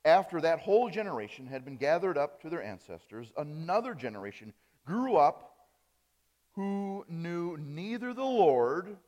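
A man from Wisconsin preaching a sermon as pastor, rising on key phrases and dropping soft at the ends of lines. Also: fairly high pitch. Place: church sanctuary. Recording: reverberant church hall.

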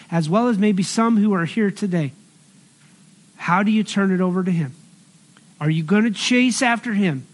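A middle-aged man preaching a sermon as pastor, earnest and conversational, mixing scripture with personal stories. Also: sits high.

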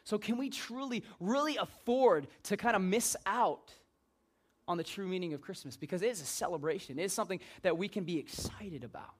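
A man's voice: high voice, animated, brisk. A man preaching an informal sermon in a joking, conversational way.

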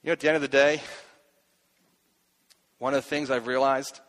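A man's voice: medium pitch, flat delivery, a little fast, a bit bright. A middle-aged man preaching a sermon as a pastor, earnest, asking himself questions aloud and repeating key phrases.

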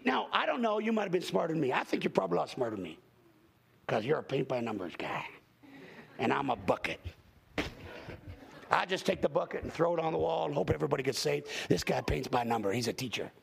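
Male preacher, high and husky, gravelly; folksy storyteller who builds to shouts at a conference service. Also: quick pace. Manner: folksy, animated, rises into shouts to the congregation. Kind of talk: storytelling sermon. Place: church conference session.

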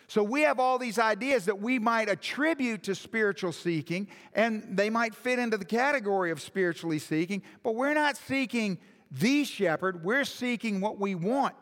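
A man's voice: high voice, fairly bright tone. A male pastor preaching a sermon in a church hall, emphatic and full of rhetorical questions, with long hall reverb.

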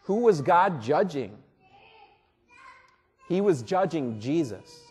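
A man preaching a sermon as pastor at a church service, earnest and deliberate, often repeating words. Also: on the high side, big pitch swings, a little mellow, breathy edge.

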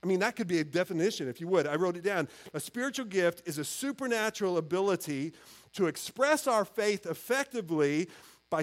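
Man, pastor, high voice, earnest conversational sermon, frequent restarts.

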